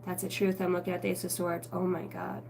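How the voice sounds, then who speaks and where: A woman giving a rambling spiritual tarot reading, excitable and swearing constantly in a stream-of-consciousness flow. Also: on the low side, fast, vocal fry, distant mic, a little hiss or hum. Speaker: tarot reader.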